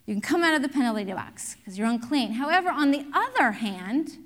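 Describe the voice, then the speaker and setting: A middle-aged woman pastor preaching a sermon, telling lively stories and drawing the congregation into call-and-response. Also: high voice, brisk, long reverb tail.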